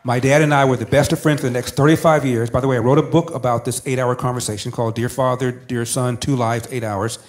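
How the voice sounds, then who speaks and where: A man's voice: mid-range voice, steady tone, fast, hardly any pauses. A man telling a personal story as an interview guest, emphatic and building with repeated phrases. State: emotional, near tears.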